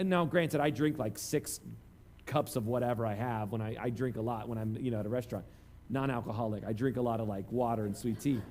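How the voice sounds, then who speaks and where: A man preaching a conversational sermon, telling self-deprecating stories. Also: a little high. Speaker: pastor.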